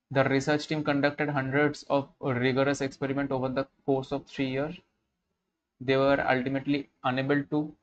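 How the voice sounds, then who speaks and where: A man, an exam prep tutor reading test questions aloud and working through them, halting and repeating words as he thinks. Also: mid-range voice. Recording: dull lo-fi livestream audio.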